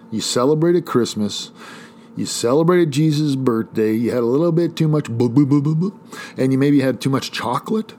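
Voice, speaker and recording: A man's voice: mid-range voice, mellow, slight background noise. A man hosting a casual podcast on his own, rambling and joking, then giving motivational fitness advice like a coach. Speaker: podcast host. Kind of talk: casual solo podcast talk.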